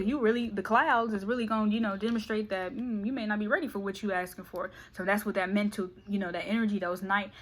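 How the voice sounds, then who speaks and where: Chatty woman giving a playful tarot reading. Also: medium pitch. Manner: fast, chatty, playful, keeps saying okay. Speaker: tarot reader.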